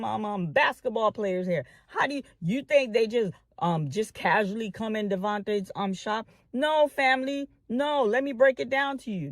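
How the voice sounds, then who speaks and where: A woman's voice: fairly high pitch, dry recording. Woman commentator, impassioned, filler-heavy, repetitive, dry recording. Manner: repeats phrases, many drawn-out "um" fillers; addresses the audience as family. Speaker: online commentator and filmmaker. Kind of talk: impassioned address to online followers.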